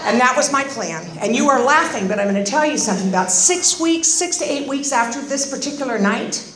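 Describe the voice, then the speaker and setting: Animated woman telling her recovery story. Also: sits high, brisk, a little hiss or hum. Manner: animated, sarcastic, acts out voices. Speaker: recovery meeting speaker. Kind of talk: personal testimony with humor. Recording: roomy echoing meeting hall.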